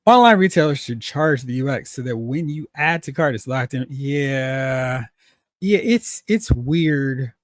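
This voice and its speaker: A man's voice: mid-range voice, animated, unhurried, no room sound, studio quality. A man hosting a casual toy-collecting livestream, reading chat comments aloud, laughing often and acting out exclamations.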